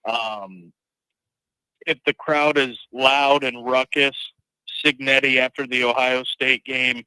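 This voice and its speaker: A man calling in to a sports talk show, giving his take haltingly with many pauses and ums. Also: mid-range voice, fairly even intonation, sharp tone, smooth, no echo, poor audio. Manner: slow, hesitant, with many ums. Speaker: caller. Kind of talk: phone-in sports opinion.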